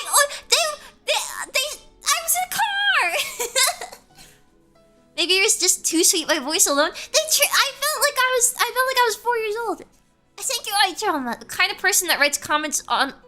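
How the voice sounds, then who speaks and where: A young woman streamer with a squeaky voice, chatting casually and telling a rambling story, giggling and correcting herself often. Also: pushed and bright.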